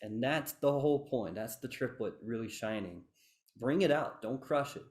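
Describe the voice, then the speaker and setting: A man's voice: mid-range voice, expressive, moderate pace, a little mellow. A man teaching fife rhythms in an online workshop, chanting rhythm syllables and encouraging his students over a video call. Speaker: fife instructor. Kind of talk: online music workshop lesson.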